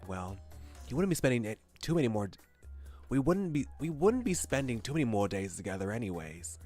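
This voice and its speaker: A man reading game text aloud as a young male high-school student telling his own story, with lively exclamations. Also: brisk, faint music behind.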